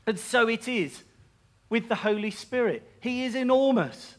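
A man with a notably high voice gives a relaxed, humorous sermon. He moves easily between scripture and jokey side remarks about his own life. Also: measured pace. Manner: chatty and self-mocking, with asides and laughs. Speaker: preacher.

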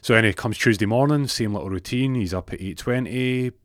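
A man's voice: medium pitch, fairly quick, no echo, clean studio sound. A man telling a rambling comic anecdote, acting out phone calls with stammering restarts. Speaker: comic storyteller.

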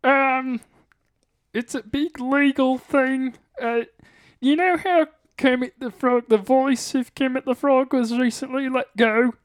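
A man voicing a posh, upper-class English male frog puppet in a prim, halting manner. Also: very high-pitched, steady tone. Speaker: podcast co-host.

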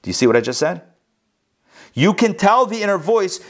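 A man's voice: high-pitched, sing-song, moderate pace, pauses often. A rabbi teaching a live class, talking animatedly and often turning to his listeners with rhetorical questions. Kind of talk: live Torah lesson. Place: recorded live at a school.

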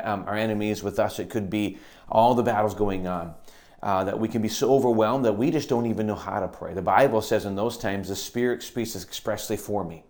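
A man preaching a sermon, earnest, moving between loud emphasis and quiet, intense passages. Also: lowish voice.

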